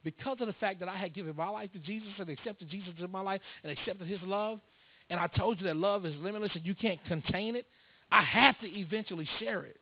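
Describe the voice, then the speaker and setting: A man's voice: sits high, muffled recording. A man preaching a storytelling sermon, talking casually and with humor to his congregation in a church. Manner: conversational, humorous, addressing the congregation. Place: church sanctuary. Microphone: handheld or stand microphone.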